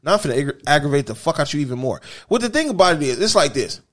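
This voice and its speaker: High-voiced man in teasing banter. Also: sing-song, very fast. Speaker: podcast co-host. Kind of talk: casual chat.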